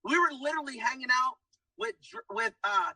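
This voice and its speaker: A man's voice: very high voice, expressive, brisk, pushed and bright, husky, no room sound, distant mic, rough recording. A man giving an emphatic motivational testimonial, keeps saying guys and hyping people up. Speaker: testimonial speaker. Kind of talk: motivational pitch.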